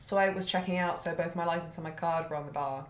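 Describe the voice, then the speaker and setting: A woman with a British accent hosting a podcast, telling a story in a chatty way with lively quoted voices. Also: lowish voice, quick pace. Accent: British English. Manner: chatty, animated quoting voices. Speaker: podcast host. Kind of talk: casual storytelling chat. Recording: roomy echo.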